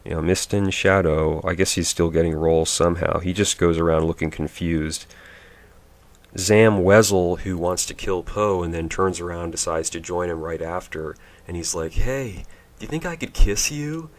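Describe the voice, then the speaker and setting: A man with a low, deep voice talks through a movie review in a mocking, sarcastic tone. He rambles offhand from scene to scene, pausing with fillers as he picks his next complaint. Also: little pitch movement. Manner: mocking, mimics characters in silly voices.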